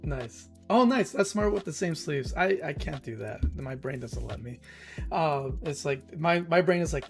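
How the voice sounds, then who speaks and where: A man's voice: on the high side, moderate pace, soft background music. A man hosting a casual livestream chat, telling stories with acted-out quotes of other people. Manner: animated storyteller who acts out other people. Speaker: stream host.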